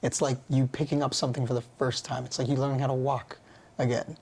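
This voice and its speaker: A man speaks in an earnest, musing way as a podcast guest. His phrasing is loose and slangy. His pitch sits in a mid range. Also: level tone, quick pace, darkish tone, slightly rough. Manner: earnest, musing, with easy laughs. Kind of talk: casual reflective conversation.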